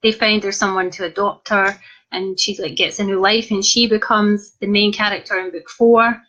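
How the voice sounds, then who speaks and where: A woman's voice: medium pitch, little pitch movement, moderate pace, a bit bright. A young woman author chatting in a cheeky, self-mocking way as she reads out viewer comments on a live video. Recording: dull lo-fi live stream audio.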